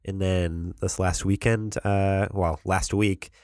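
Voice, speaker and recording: Deep-voiced congested man. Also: fairly even intonation, slow, a little mellow, smooth, dry recording, studio quality. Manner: laid-back, chuckles often. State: congested from a cold. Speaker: podcast co-host. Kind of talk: casual chat.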